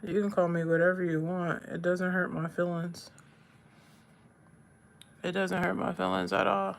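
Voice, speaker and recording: A woman's voice: on the low side, level tone, a little slow, vocal fry. A woman chatting casually with viewers while doing her makeup on a live stream, laid-back, playful and sarcastic.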